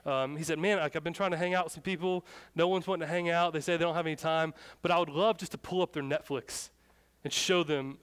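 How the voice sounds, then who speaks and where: A young man delivers a sermon in a relaxed, chatty way. His voice sits a little high for a man. He tells stories and plays out the people in them. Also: a little fast, clear, resonant tone. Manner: casual, storytelling, acts out shouted dialogue. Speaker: pastor.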